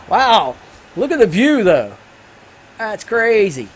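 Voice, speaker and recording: A man hosting a gaming channel, talking casually over his gameplay in a high, bright voice. He rambles with enthusiasm and fills the gaps with plenty of ums and you-knows. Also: big pitch swings, takes it slowly, long pauses, slight background noise. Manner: rambling and enthusiastic, full of fillers. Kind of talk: casual let's-play commentary with movie review.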